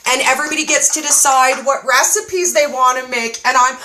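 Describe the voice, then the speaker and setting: A woman chatting casually as a guest, an excitable and animated storyteller. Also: sits high, brisk. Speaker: guest cookbook reviewer and keto creator. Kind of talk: casual chat.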